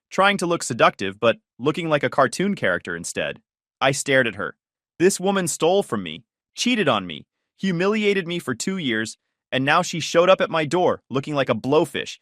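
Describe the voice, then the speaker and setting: A man's voice: a little high, sing-song, normal speed, a bit bright, dry recording, studio quality. A man narrating a scripted first-person story in a wry, scornful way.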